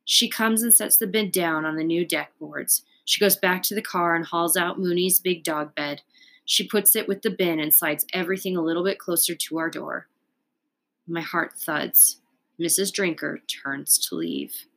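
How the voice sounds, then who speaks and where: A woman reading a children's book aloud in a calm, unhurried way. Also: fairly low pitch, creaky. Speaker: storyteller.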